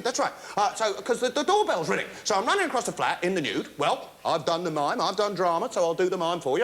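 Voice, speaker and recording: Animated comedian, high lively voice. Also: male voice, fast. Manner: animated, breathless storytelling with laughter. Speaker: stand-up comedian. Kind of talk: stand-up comedy routine. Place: studio stage before a laughing audience.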